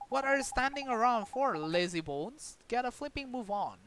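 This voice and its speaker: A man's voice: very high-pitched, expressive, normal speed, slight background noise. An actor voicing a brash fairy man who talks in blunt, teasing slang. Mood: cheeky.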